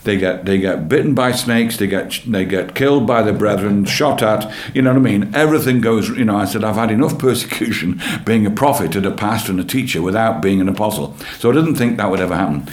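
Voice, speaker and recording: Low-voiced man telling his testimony. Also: fairly quick, few pauses. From England. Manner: earnest storytelling, repeats phrases, animated. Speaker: church leader and guest. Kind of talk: personal testimony in an interview. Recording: roomy echo.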